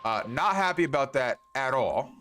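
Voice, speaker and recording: A man's voice: medium pitch, expressive, moderate pace, fairly bright tone, slight background noise. A man streaming a farming game, grumbling and swearing at the characters as he plays. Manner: profane, exasperated grumbling to himself. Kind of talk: casual gameplay commentary.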